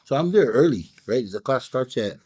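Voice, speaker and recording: A man's voice: mid-range voice, sing-song, moderate pace, a little mellow, breathy edge. A man with a Hawaiian pidgin accent, chatting casually and telling a rambling story while reviewing a cigar, full of fillers and restarts. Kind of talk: casual chat.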